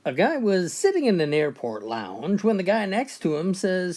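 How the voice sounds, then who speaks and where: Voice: mid-range voice, huge pitch swings, moderate pace, few pauses, darkish tone. A joke teller reading out a run of short funny stories, switching briefly into voices for the characters.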